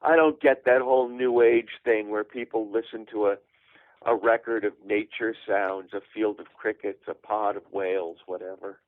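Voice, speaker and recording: A middle-aged man telling a dry, wry comic story with measured pauses. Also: on the low side, steady tone, no echo. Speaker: guest storyteller. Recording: tinny phone-line sound.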